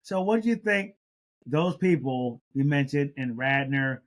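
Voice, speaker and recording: A man's voice: medium pitch, expressive, measured pace. A man hosting a podcast and asking questions in a conversational way. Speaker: podcast host. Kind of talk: podcast interview.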